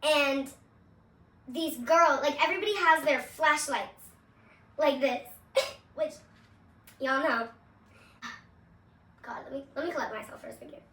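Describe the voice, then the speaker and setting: A woman's voice: high voice, unhurried, pauses often, a bit bright, recorded from a distance. A young woman from Seattle telling her personal testimony, candid and casual, swearing freely and laughing often. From Seattle, USA. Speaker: vlogger. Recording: echoey room, voice away from the mic.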